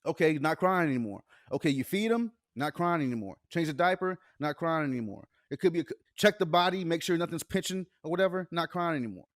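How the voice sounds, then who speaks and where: A young man co-hosting a casual podcast, with a voice that swings widely and sits a touch high. He tells animated stories and laughs a lot. The sound is dry and close. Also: fast, hardly any pauses, dry recording. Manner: laughs often, animated storytelling with acted-out dialogue. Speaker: podcast co-host. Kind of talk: casual chat.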